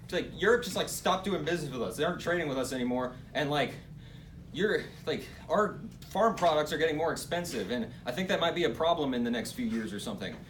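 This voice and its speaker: A young man playing a fawning, flattering cabinet secretary in an amateur comedy skit, gushing and breaking into laughter. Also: a little high, fast, echoey room, distant mic, lightly acted. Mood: worried. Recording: noisy amateur recording.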